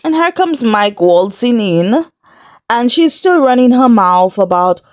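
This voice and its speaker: A woman's voice: fairly high pitch, very animated, unhurried, no room sound, clean studio sound. Chatty woman recapping reality TV. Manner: chatty and incredulous, laughs often. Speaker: recap vlogger. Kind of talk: casual TV recap commentary.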